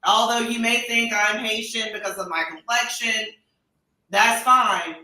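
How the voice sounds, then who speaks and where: An American woman tells a story with a bright, ringing voice that sits fairly high. She acts out each person she quotes. The voice is heard in an echoey room from a little way off the mic. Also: steady tone, unhurried, recorded from a distance. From United States. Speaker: expat podcast guest. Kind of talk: casual storytelling chat.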